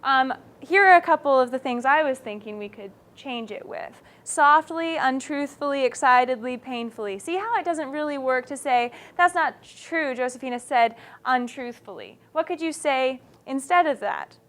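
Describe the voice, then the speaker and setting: High-pitched female teacher, animated classroom delivery, keeps checking in with her students. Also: normal speed, hardly any pauses. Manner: animated, checks understanding often. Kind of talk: classroom writing lesson.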